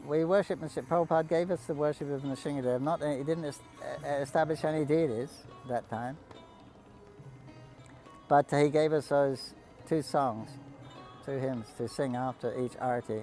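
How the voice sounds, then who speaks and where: Mellow-voiced man telling devotional stories. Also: medium pitch, rough recording. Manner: relaxed, halting, many restarts, coughs and clears throat. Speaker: storyteller speaking to pilgrims. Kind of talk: casual devotional storytelling.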